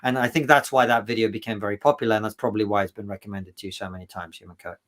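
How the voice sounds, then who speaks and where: A man's voice: on the low side, steady tone, very fast, fairly bright tone. A man speaking as an interview guest, emphatic, restarting his sentences often. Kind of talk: casual interview talk.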